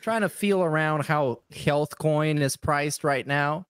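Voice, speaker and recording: A man co-hosting a podcast in an animated, jokey, casual chat. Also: on the high side, slow, clear, resonant tone, dry recording, studio quality. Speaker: podcast co-host.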